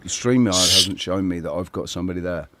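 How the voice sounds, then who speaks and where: A man hosting a livestream, bantering, swearing and laughing loudly. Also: deep voice, a little fast, very noisy. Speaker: livestream host.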